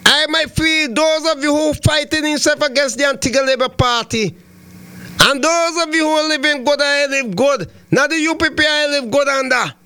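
A man's voice: very high-pitched, moderate pace, bright, forceful tone. A man hosting a radio talk show, ranting heatedly about politics and repeating himself as he goes.

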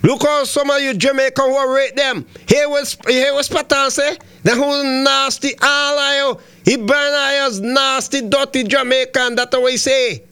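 A fiery male talk radio host, his voice pitched very high and bright with a hard, tense edge. He rants and circles back on his own words, piling up repeats as he pushes his point. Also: steady tone, moderate pace, hardly any pauses. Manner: fiery, ranting, repeats himself. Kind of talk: heated political talk radio rant.

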